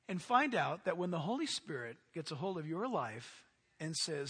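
A man preaching a sermon as pastor, animated, with sudden drops to quiet asides. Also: fairly high pitch, normal speed, breathy edge, in a large hall.

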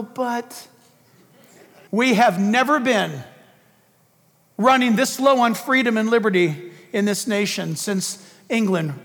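A fervent male preacher with a very high, slightly bright voice delivers an emphatic political sermon. He presses on with rhetorical questions and repeated phrases, his words ringing out with long reverb in a large hall.

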